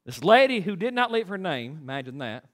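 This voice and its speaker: A pastor's sermon from the pulpit, voiced by a man with an unusually high pitch that leaps in emphatic, animated swings. Bright and sharp in tone, he trips over quick restarts as he pushes his points.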